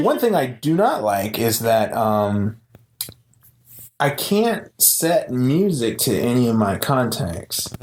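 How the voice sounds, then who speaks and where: A man's voice: medium pitch, very animated, takes it slowly, darkish tone, a little hiss or hum. A man co-hosting a podcast in casual chat, joking and boastful, often trailing off and restarting. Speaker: podcast co-host.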